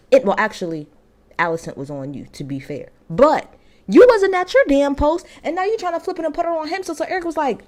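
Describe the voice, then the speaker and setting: Animated woman ranting about a show. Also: sits high, brisk. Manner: animated, emphatic, slangy storytelling. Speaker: TV show reviewer. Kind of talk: ranting episode recap.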